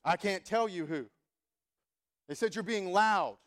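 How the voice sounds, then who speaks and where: A man's voice: high-pitched, measured pace. A man voicing a stern male landlord who gives curt, insistent warnings.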